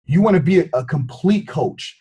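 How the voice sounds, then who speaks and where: A man's voice: a little high, lively intonation, normal speed, mellow, husky, lo-fi sound. A man giving a motivational talk as a fitness trainer, preachy and repetitive, often asking his listeners questions. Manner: preachy, repeats himself, asks the audience questions. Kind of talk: motivational speech.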